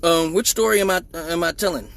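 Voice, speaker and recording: A man's voice: a little high, fast talker, vocal fry, a bit bright, low-quality recording. A man hosting a crude comedic live stream at home, joking in a mock-serious preaching way. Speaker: live show host.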